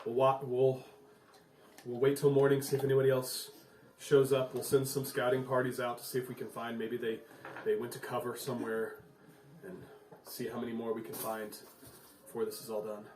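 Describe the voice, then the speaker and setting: A man's voice: mid-range voice, little pitch movement, brisk, darkish tone, close to an everyday voice. A man voicing a woman town mayor in a tabletop game, who speaks hesitantly and repeats her words. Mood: reassuring. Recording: echoey room, mic far off.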